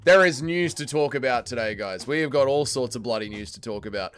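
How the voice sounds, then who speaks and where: A young Australian man hosting a livestream in casual chat, energetic and slangy, greeting viewers and calling everyone mate. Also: mid-range voice, a little fast, clear, resonant tone. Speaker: livestream host.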